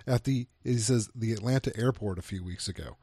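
A man's voice: fairly low pitch, a little fast, dark tone, husky, no room sound. A man co-hosting a film podcast, chatting casually and reading review quotes aloud with hesitant restarts. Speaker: podcast co-host.

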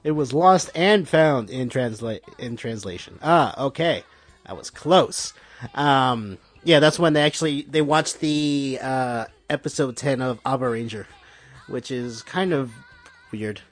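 Husky, rambling, excitable man. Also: mid-range voice, unhurried, no room sound. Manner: rambling, excitable, swears a lot, many fillers. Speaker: podcast host. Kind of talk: casual recap of a show.

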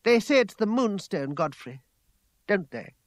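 Brief: man doing a passionate young lady, raised pitch, lively and forceful, dry close read. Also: a little slow, dry recording. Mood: challenging. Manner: higher, louder, emphatic delivery. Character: young woman, passionate and imperious.

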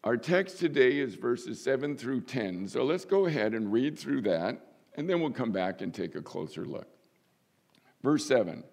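An older man preaching a sermon as pastor, folksy and humorous, with sudden lifts in pitch for emphasis. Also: sing-song, moderate pace, a little mellow.

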